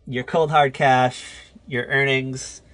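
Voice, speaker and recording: A man's voice: mid-range voice, slow pace, no echo. A man with a Northeastern US accent, co-hosting a podcast in casual, jokey chat. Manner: excitable, jokey, animated. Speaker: podcast co-host.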